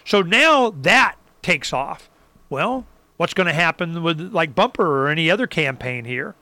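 An animated storyteller from Arizona, this man talks politics casually, acting out other people's lines and letting out the occasional whoop. His voice is fairly high and a little slow.

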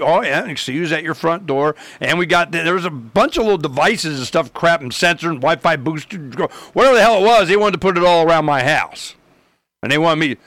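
A man's voice: a little high, fairly bright tone, no room sound. A man rambling through a casual story, acting out both sides of the conversations in his own voice.

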